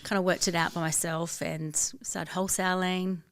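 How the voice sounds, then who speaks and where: A woman's voice: lowish voice, little pitch movement, normal speed, clean tone. A woman with an Australian accent, a business founder telling her story as a guest in a casual interview, upbeat and chatty. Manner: upbeat, chatty, quotes herself and others. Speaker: guest, fashion label founder.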